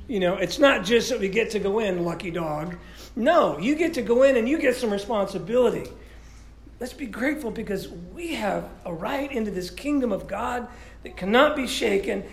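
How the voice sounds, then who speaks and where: A man preaching a sermon as pastor, stuffy-nosed and congested, in a lively, conversational way with many restarts. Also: high-pitched, moderate pace, roomy sound. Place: church sanctuary.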